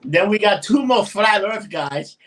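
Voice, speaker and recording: A man's voice: sits high, expressive, a little slow, fairly bright tone, recorded from a distance. A man with a New York accent co-hosting a casual chat show, blunt and profane, laughing often. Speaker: podcast host.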